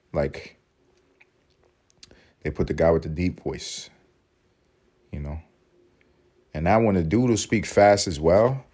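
A man's voice: deep voice, a little mellow. A man hosting a podcast, delivering a casual comedic monologue as a profane, rambling rant with laughing asides. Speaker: podcast host.

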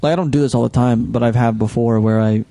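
A man's voice: mid-range voice, fairly even intonation, fast talker, mellow. A man guest on a casual podcast, talking matter-of-factly. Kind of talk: casual chat.

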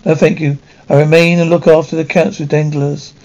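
A man voicing an earnest young sailor who speaks gravely and respectfully. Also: a little high, level tone, brisk, a little mellow, lightly acted. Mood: grateful. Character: earnest young male sailor, proud and devoted. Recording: dull lo-fi recording.

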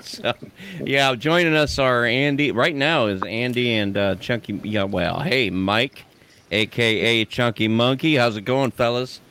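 A man's voice: mid-range voice, unhurried, bright, forceful tone, clear, resonant tone. A man hosting a casual podcast, joking around and laughing often. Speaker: podcast host.

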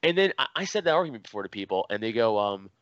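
A man hosting a podcast in casual chat, telling stories in an animated, profane way. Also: lowish voice, very fast, no room sound, highs cut off. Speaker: podcast host.

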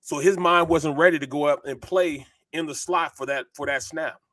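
A middle-aged man, a former football lineman co-hosting a sports talk show, telling animated, rambling stories full of fillers. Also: on the high side, moderate pace.

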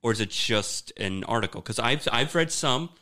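A man's voice: medium pitch, animated, normal speed, a loud crowd. A man in casual podcast chat who talks hesitantly with many restarts, asking skeptically for evidence. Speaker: podcast co-host or guest.

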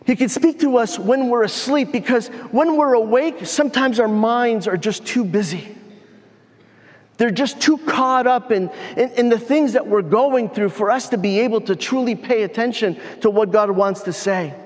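A man's voice: very high voice, normal speed, in a large hall. A man preaching a sermon as pastor in a conversational way, often repeating and restarting his words.

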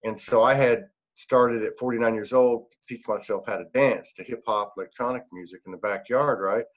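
A man's voice: mid-range voice, fairly even intonation, brisk, muffled recording. A middle-aged man, a podcast guest, telling a personal story in an earnest, rambling way, laughing often and using many fillers. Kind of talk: casual storytelling.

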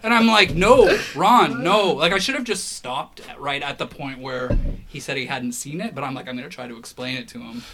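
A man telling an embarrassing story in casual chat, animated and self-deprecating, his voice dropping quiet as he trails off. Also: mid-range voice, normal speed, crowd noise.

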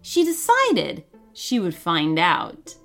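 A woman storyteller giving an expressive, dramatic reading of a children's story. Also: on the low side, takes it slowly, gravelly, soft background music.

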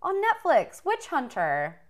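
A woman co-hosting a podcast, reacting to a story with quick exclamations. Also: high-pitched, huge pitch swings. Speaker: podcast co-host. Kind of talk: casual chat.

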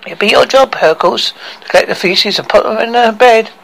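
A gleeful, scheming storybook queen who gloats over her cruel plans in a lifted, sing-song voice, as a man reading aloud puts her on. The voice sits fairly high and keeps a gravelly edge underneath. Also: brisk, fairly bright tone, low-quality recording. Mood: gloating.

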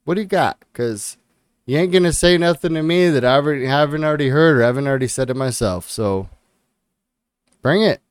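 A man in his thirties with a middle-pitched voice co-hosts a podcast, defiant and fired up, swearing as he pushes his point. The recording is dry and close. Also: fairly quick, clear, resonant tone, no echo. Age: 30s. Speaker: podcast co-host. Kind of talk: casual chat.

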